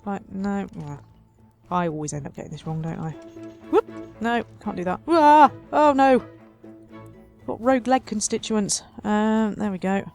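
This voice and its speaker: A woman's voice: medium pitch, moderate pace, vocal fry, darkish tone, faint music behind. A woman hosting a city-building let's play, chatting wryly and talking to her simulated residents as she builds. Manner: chatty, wry, talks to her sims. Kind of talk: casual game commentary.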